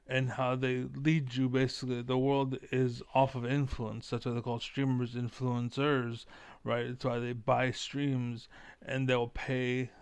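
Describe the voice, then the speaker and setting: A man giving a rambling, profane political monologue, often losing his train of thought and doing mocking squeaky impressions. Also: clean tone, dry recording.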